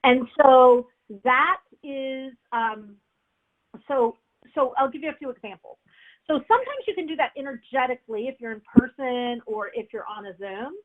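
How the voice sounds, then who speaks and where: A woman teaching a webinar on public speaking, energetic and repetitive, often asking "right?" to check in. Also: sits high, moderate pace. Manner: energetic, repeats key phrases, says "right?" often. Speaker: speaking coach. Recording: tinny phone-like audio.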